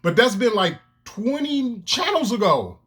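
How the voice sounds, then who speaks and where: A man's voice: extremely high pitch, sing-song, a little slow, a bit bright, slightly rough. A man ranting to his own camera in heated, profane commentary, with emphatic outbursts. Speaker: vlogger. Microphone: camera lens, self-recorded.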